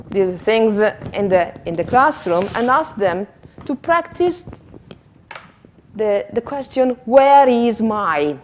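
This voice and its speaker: A woman's voice: on the high side, slight background noise. A woman giving a teacher-training workshop, talking hesitantly with fillers and laughing at herself, on a handheld microphone. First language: Italian. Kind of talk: workshop lesson demonstration.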